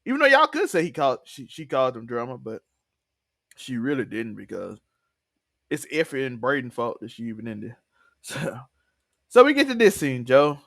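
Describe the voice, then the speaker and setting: A man hosting a TV review podcast, recapping an episode in excited casual chat, laughing often and acting out characters' lines. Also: mid-range voice, normal speed, gravelly, long pauses, no room sound, studio quality.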